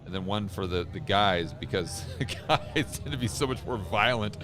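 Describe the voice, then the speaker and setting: A man hosting a travel vlog, talking excitedly and rambling outdoors by a stadium. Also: fairly low pitch, moderate pace. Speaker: vlog host. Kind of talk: casual travel vlog commentary. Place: outdoors outside a packed stadium. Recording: busy street with crowd and music. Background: loud crowd and music.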